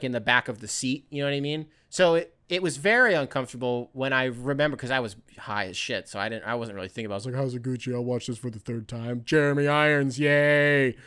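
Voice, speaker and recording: A young adult man hosting a podcast alone, rambling and animated, swearing and correcting himself as he goes. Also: medium pitch, clean tone. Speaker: podcast host. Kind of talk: casual solo monologue.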